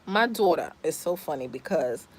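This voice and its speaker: A woman's voice: low voice, lively intonation, moderate pace, breathy edge. A middle-aged woman from the Bronx, chatting casually to her vlog viewers, emphatic and repeating herself. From the Bronx, New York. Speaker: family vlogger.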